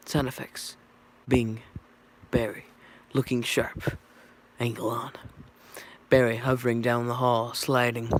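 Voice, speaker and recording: A man casually reading a script aloud, stumbling and correcting himself as he goes. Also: medium pitch. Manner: stumbling, self-correcting, offhand. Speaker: reader.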